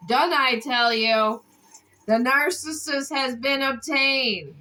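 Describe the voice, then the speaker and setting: Woman tarot reader, bright and a bit high, casual, exasperated, swears freely. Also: slow pace, low-quality recording. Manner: exasperated, scolds between readings. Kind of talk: casual tarot reading video.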